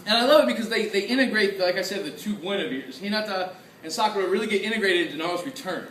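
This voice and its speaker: A man giving a lively convention panel talk, excitable, laughing often and acting out his own reactions. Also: high-pitched, racing, a little hiss or hum. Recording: echoey room, from far off.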